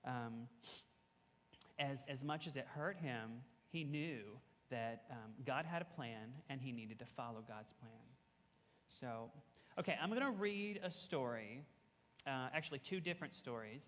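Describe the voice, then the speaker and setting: Camp pastor guy telling kids a bible story, bright tense voice, big reverby hall. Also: mid-range voice, unhurried. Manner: animated, leads kids in call-and-response shouts.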